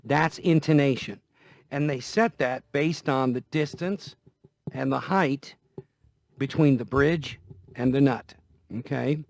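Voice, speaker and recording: Slow and gravelly, with long pauses, a mid-range male voice comes through with no room sound. The guitar vlogger talks homily about guitar care, going over things again, as a guitar sounds now and then.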